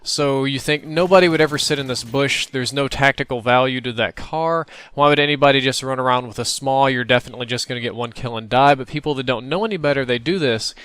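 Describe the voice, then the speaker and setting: Smooth-voiced young man doing game commentary. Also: mid-range voice, fast, hardly any pauses, a bit bright, dry recording. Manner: conversational, reflective, laughs now and then. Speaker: gaming commentator. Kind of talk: casual gameplay commentary.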